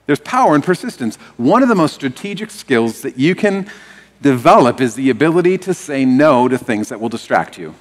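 A man preaching a sermon as pastor, animated and leading the congregation in call and response. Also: medium pitch, moderate pace, big-room sound.

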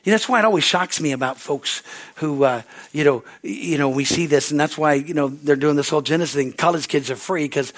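A man preaching a sermon as pastor, building into excited shouts of praise with many hallelujahs. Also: fairly high pitch, a little fast.

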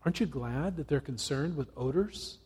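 A man's voice: a little high, animated, moderate pace, a little mellow, slightly rough. A man voicing a personified nose, a concerned church leader, in a read-aloud parable. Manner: concerned, questioning.

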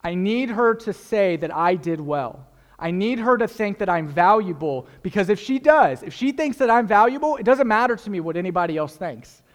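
Earnest young preacher in a reverberant hall. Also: male voice, high-pitched, expressive, moderate pace. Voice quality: earnest, emphatic, repeats key phrases for effect. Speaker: pastor. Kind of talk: sermon.

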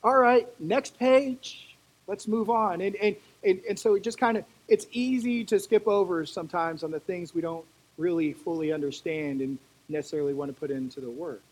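A preacher giving a conversational sermon, animated and full of storytelling asides. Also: medium pitch, brisk, few pauses, poor audio.

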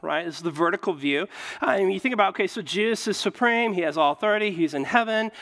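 A man preaching with a high, lively voice that swoops up and down, with a gravelly edge. He talks conversationally, tossing in "right?" to the congregation. His voice carries a long reverb, as if in a large hall. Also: fast talker. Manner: animated preaching with frequent "right?" asides. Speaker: pastor. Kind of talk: sermon.

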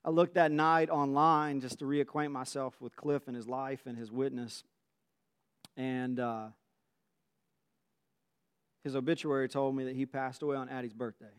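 A man's voice: mid-range voice, little pitch movement, normal speed, long pauses, clear, resonant tone. A man in his forties, telling a personal story in an earnest, emotional way.

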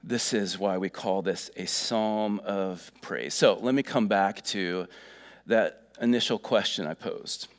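A man's voice: lowish voice, slow pace. A middle-aged man preaching a sermon in a folksy, earnest way, full of fillers. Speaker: pastor.

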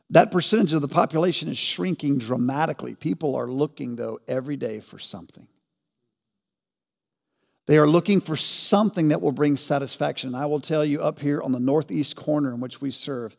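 A man preaching a sermon as pastor, asking rhetorical questions and building to loud, emphatic peaks. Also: a little high, gravelly, big-room sound.

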